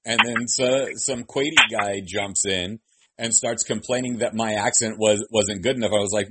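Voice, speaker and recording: A man interviewing a guest in relaxed, conversational chat, telling his own anecdotes along the way. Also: lowish voice, moderate pace, noisy background. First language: Arabic.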